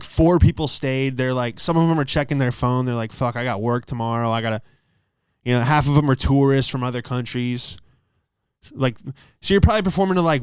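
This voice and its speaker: A man's voice: mid-range voice, clear, resonant tone, no echo, studio quality. A young adult man, a comedian hosting his own show, telling a long profane story alone in a small closet. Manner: profane, loose, laughs mid-story. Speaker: comedian podcast host. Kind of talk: rambling solo storytelling. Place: small closet, dry sound.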